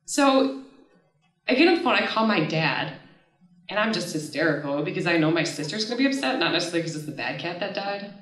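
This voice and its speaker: A woman in her thirties tells a personal story at a live storytelling night, loose and chatty, often laughing and cursing mid-sentence. Her voice sits a bit low but jumps all over in pitch. She sounds like she is standing back from the mic in a roomy, echoing hall. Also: expressive, fast, a bit bright. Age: 30s. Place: stage at a live storytelling event. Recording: echoey room, voice from far off the mic.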